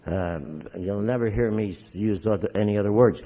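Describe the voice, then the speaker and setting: A Canadian man and Catholic priest telling his recovery story to an audience in a joking, animated way. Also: fairly low pitch, fairly quick. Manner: joking, animated storyteller who acts out others' voices.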